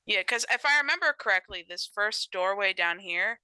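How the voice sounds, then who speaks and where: Brief: female player, crisp bright voice, dry close sound, thinks out loud. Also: mid-range voice, animated, normal speed, no room sound. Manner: thinks aloud, self-correcting. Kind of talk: thinking aloud during a tabletop game.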